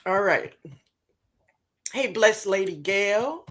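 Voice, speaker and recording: A woman's voice: mid-range voice, lively intonation, takes it slowly. A woman hosting a live stream in a casual, chatty way, greeting viewers by name and laughing often.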